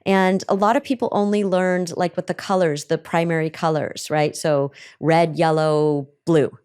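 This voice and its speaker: A middle-aged woman therapist answering questions on a podcast, animated and acting out the voices she quotes. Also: deep voice, normal speed, clean tone.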